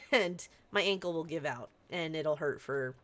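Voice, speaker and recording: A woman's voice: low-pitched, measured pace, a bit bright. A young adult woman streaming a game, chatting casually in a rambling, playful way with lots of asides. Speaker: live streamer. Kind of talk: casual chat while playing a game on stream.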